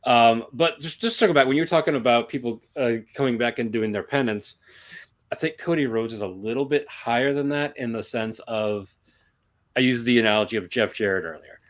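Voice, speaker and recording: A man appearing as a guest on a podcast, giving measured, analytical takes in a casual discussion. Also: mid-range voice.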